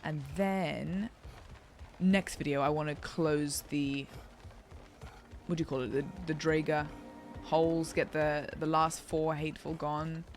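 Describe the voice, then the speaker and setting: A woman's voice: deep voice, fairly even intonation, measured pace, soft background music. A woman streamer chatting casually as she plays a video game, thinking aloud and poking fun at herself. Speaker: gaming streamer. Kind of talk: casual let's-play commentary.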